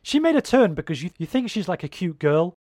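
Rambling, sweary man with a higher voice. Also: a little fast, no echo, studio quality. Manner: rambling, swears freely, animated. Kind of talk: casual chat.

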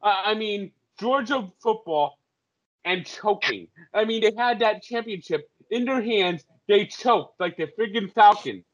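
Brief: high-pitched male sports co-host, profane rants, dull lo-fi sound. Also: animated, unhurried. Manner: ranting, profane, loud impressions. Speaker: podcast co-host. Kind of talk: casual sports chat. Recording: dull lo-fi audio.

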